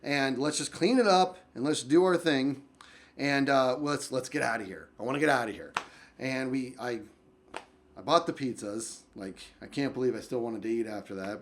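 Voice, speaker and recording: A young man telling a story on his vlog, very animated, swinging from loud outbursts to low mutters and rambling with lots of restarts. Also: normal speed, a little hiss or hum. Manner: rambling, full of likes and restarts. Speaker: YouTube storyteller.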